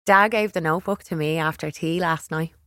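A woman reading a first-person children's story aloud in a wry, expressive way on a close studio mic. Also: sits low, fairly quick, no echo. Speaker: audiobook reader.

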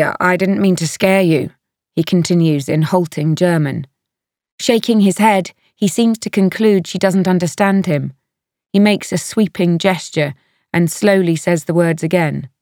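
A woman narrates an audiobook from a script in a slow, low voice, telling the story in a measured, even way. The recording is studio quality with no echo.

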